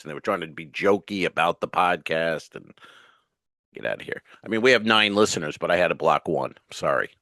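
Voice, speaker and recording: A man's voice: low voice, pushed and bright, dry recording, studio quality. A male comedian co-hosting a podcast, telling rambling stories in casual chat and swearing freely.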